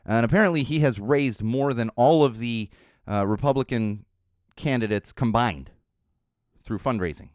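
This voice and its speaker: A man's voice: medium pitch, normal speed, no room sound, clean studio sound. A middle-aged man hosting a podcast, telling stories in a casual monologue that rambles through restarts and asides. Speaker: podcast host.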